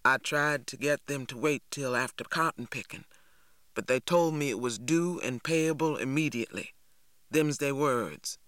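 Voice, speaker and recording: A man voicing a steady, plainspoken older farmhand who talks slowly. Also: mid-range voice, no room sound, clean studio sound, natural voice. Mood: resigned.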